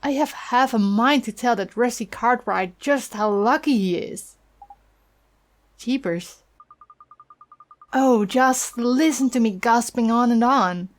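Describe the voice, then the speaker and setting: Woman voicing a gossiping old neighbor lady, kindly and fussy, slow-spoken. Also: a little high. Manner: chatty, fussing, sentimental. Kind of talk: reading game dialogue aloud.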